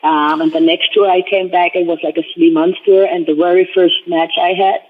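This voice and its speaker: A woman's voice: lowish voice, level tone, a little fast. A woman from Germany tells her story in a casual, chatty way, filling her sentences with "like" and "you know". Her voice comes over a thin, tinny phone line with a faint hiss behind it. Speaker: guest.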